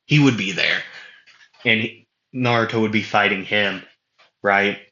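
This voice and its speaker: Slow, rambling man in an echoey room. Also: lowish voice, bright, forceful tone. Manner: rambling, many fillers, self-corrections. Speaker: fan storyteller. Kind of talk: improvised fan fiction narration. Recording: echoey room, dull lo-fi sound.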